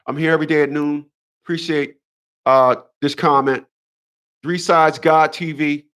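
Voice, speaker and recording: A man's voice: a little high, steady tone, measured pace, fairly bright tone, clear, resonant tone. A man in his fifties hosting a casual livestream monologue, emphatic and preachy, often repeating his phrases. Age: 50s. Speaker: host.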